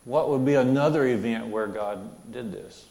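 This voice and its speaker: A man's voice: medium pitch, moderate pace, creaky, a little mellow, echoey room. A man giving verse-by-verse Bible teaching in an earnest way, repeating phrases and asking his listeners questions.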